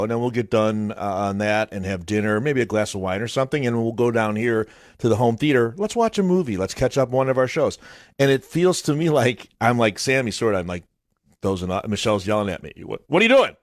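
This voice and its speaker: A middle-aged male radio host gets his teasing jabs in around his co-hosts. His mid-range voice moves through a wide, expressive pitch range. The studio is dry and close. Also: dry recording. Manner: wry, teasing interjections. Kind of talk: casual morning radio banter. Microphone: studio microphone.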